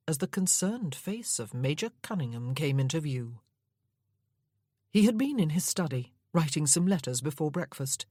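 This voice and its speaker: A woman reads a Regency romance aloud with steady, measured storytelling. Her voice sits low with a husky, breathy edge, recorded dry and close. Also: dry recording. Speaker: audiobook narrator.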